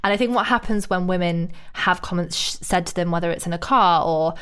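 A woman's voice: lowish voice, brisk, a bit bright, smooth. A woman in casual chat, telling stories bluntly and animatedly, swearing freely.

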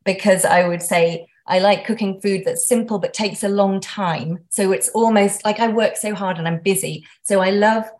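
A woman's voice: medium pitch, steady tone, normal speed, hardly any pauses, a little mellow. A woman guest in a casual interview, chatty and self-deprecating, often restarting her sentences.

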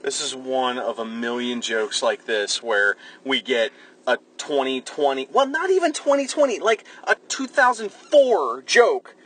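A man's voice: mid-range voice, expressive, a little slow, fairly bright tone, low-quality recording. A man co-hosting a podcast, ranting angrily and swearing as he reviews a movie. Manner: ranting, angry, profane. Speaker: podcast co-host. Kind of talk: casual movie review chat.

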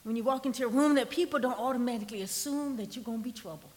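A woman pastor, preaching a sermon in a conversational style that sometimes drops to a soft near-whisper for emphasis. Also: fairly high pitch, very fast, big-room sound. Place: church sanctuary.

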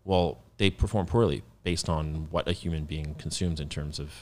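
Man in his thirties, low voice, casual podcast guest, explanatory, filler words. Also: steady tone, moderate pace, darkish tone. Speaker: guest founder.

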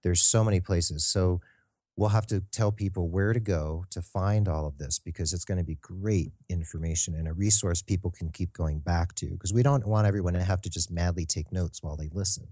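A man with a deep, warm voice explains resources in a measured, steady way. He co-hosts a casual podcast, recorded dry and close to the mic. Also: no room sound. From Santa Fe, New Mexico area. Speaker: podcast co-host. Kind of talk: casual chat.

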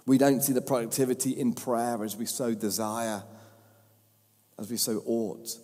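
A man's voice: medium pitch, dark tone. A man preaching a sermon with impassioned, repeated emphatic phrases. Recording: long hall reverb.

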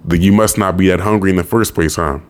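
A man reading an audiobook and voicing a raspy, crude, scornful middle-aged bully, with lines that snap and sneer. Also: sits low, fairly even intonation, fast talker, close to an everyday voice. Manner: sneering, snapping, roaring. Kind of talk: audiobook character voice.

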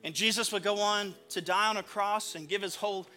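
A man's voice: high-pitched, fairly even intonation, a little fast, bright, forceful tone, faint music behind. A man preaching a sermon as pastor, earnest and emphatic, repeating phrases for weight.

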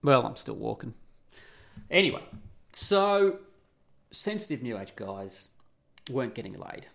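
A man's voice: medium pitch, big pitch swings, unhurried, creaky, a bit bright. A middle-aged man hosting an opinionated monologue, blunt and profane, firing off rhetorical questions.

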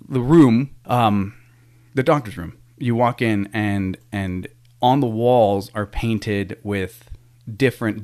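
A man with a slightly low-pitched voice tells a casual story to the camera. He rambles, restarts his sentences often and swears offhandedly. He sounds like a foster parent sharing his day.

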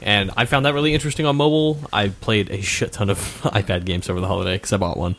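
A man chatting on a podcast panel, enthusiastic and quick to laugh. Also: lowish voice, fairly even intonation, fairly bright tone. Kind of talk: casual chat.

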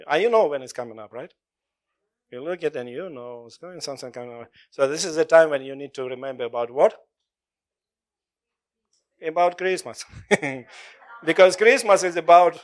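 Animated preaching man, slightly high voice. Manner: animated, laughing often, call-and-response with congregation. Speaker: pastor. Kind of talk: sermon.

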